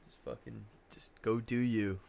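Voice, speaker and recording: A man's voice: lowish voice, steady tone, moderate pace, gravelly, a little mellow. A young man co-hosting a podcast in casual chat, rambling through his stories with plenty of "like" and swearing. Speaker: podcast co-host.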